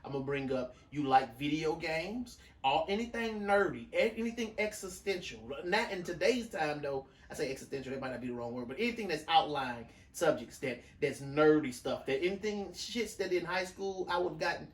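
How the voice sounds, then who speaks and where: A man's voice: on the high side, expressive, moderate pace, few pauses. A man co-hosting a podcast in casual chat, rambling with frequent restarts and loose slang. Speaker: podcast co-host. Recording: echoey room, mic at a distance, faint room noise.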